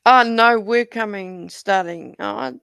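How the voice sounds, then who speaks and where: Gravelly New man, blunt talk. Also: sits high, takes it slowly, bright, forceful tone, dry recording. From New Zealand. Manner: blunt, swears often. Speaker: panel guest. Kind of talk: casual chat.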